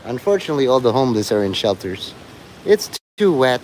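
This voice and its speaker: A man of middle pitch wanders from thought to thought in a profane, filler-heavy stream monologue. He talks outdoors, with a faint hiss of rain underneath. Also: very animated, brisk, darkish tone, low-quality recording. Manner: profane, meandering, full of fillers. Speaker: livestreamer. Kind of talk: rambling live stream monologue.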